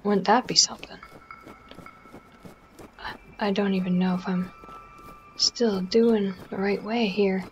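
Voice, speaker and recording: A woman's voice: medium pitch, steady tone, slow pace, pauses often, dull audio, a little hiss or hum. A Canadian woman giving casual, self-mocking commentary over a video game, often dropping to a whisper while sneaking. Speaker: let's play gamer.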